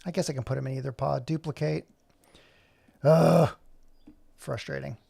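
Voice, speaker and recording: The narrator of this screen-recorded animation tutorial is a middle-aged man with a mid-range, creaky, slightly mellow voice and a steady tone, and he talks fast. He's chatty, makes fun of himself, and mutters to himself while working.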